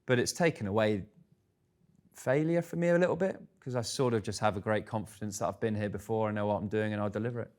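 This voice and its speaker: A man's voice: fairly low pitch, fast, darkish tone. A man, speaking candidly on stage at a live event and telling self-deprecating stories. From England. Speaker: guest speaker.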